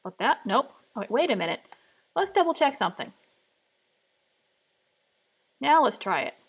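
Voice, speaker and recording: A woman's voice: high voice, very animated, moderate pace, slightly rough. A woman streaming live from her home workspace. She mutters to herself as she tries things out, one attempt after another. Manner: muttering, trial-and-error self-talk. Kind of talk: live design stream, thinking aloud.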